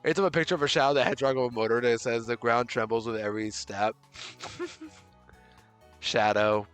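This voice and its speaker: Bright-voiced excitable male streamer. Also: mid-range voice, normal speed, smooth. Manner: excitable, swings from panicked exclamations to relaxed chatter with chat. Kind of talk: live gameplay commentary. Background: faint game music.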